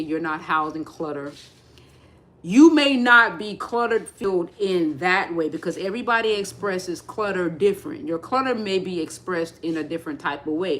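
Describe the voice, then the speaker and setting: A woman giving a live spiritual talk, rambling with many restarts and speaking straight to her listeners. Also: fairly low pitch. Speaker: spiritual teacher.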